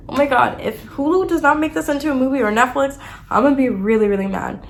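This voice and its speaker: A woman's voice: on the high side, fast talker, a little hiss or hum. Emotional young woman reviewing books. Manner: emotional and animated, many fillers like "like" and "you know". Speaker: book reviewer. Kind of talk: casual book review chat.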